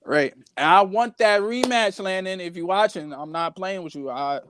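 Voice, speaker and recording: A man's voice: high voice, normal speed, a bit bright, slight background noise. A young man, a wrestler, talking in a casual live podcast interview, boastful and playful. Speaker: guest wrestler.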